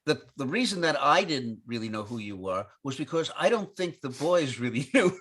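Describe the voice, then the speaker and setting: A man's voice: mid-range voice, very animated, moderate pace, a bit bright, husky. A man co-hosting a casual chat show, dropping joking asides. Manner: joking interjections. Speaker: podcast co-host.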